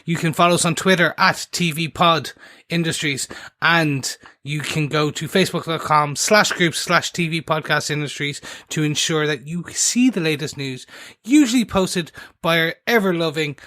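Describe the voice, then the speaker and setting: A male podcast host whose voice sits a bit higher than most men's. He chats casually, plugs the show's social pages and pokes fun at himself. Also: normal speed, pushed and bright. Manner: chatty, plugs socials, self-mocking. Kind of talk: casual chat.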